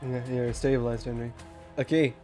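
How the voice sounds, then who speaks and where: A young man running a tabletop game as game master, talking in a loose, relaxed way with lots of fillers and restarts. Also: mid-range voice, moderate pace, faint music behind. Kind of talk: casual tabletop game narration.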